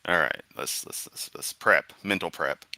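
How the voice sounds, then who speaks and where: A man's voice: a bass voice, moderate pace, gravelly, pushed and bright, dry recording. A tired man streaming live, reading and mocking comments in a sarcastic, rambling way. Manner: sarcastic, rambling, with laughs and restarts. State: tired, yawning.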